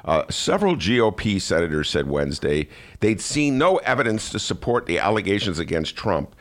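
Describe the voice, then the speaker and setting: Animated, sarcastic political talk host man. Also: sits low, normal speed. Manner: sarcastic, animated, many "uh" fillers. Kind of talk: casual political commentary. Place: studio.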